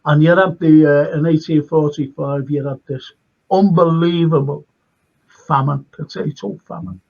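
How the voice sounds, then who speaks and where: Rambling older Liverpool man, husky. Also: on the high side, fairly even intonation, moderate pace, highs cut off. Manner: rambling, repeats phrases, emphatic. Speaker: guest, retired history lecturer. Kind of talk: casual conversation.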